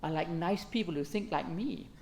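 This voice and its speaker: A woman, an abbess, giving a calm and gentle dharma talk, speaking in an unhurried way with reflective pauses. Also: on the low side, noisy background.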